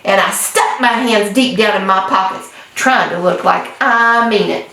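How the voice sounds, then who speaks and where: A woman reading a children's storybook aloud in a folksy, lively storytelling manner. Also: medium pitch, unhurried, creaky, a little hiss or hum. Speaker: storybook reader. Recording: echoey room, distant mic.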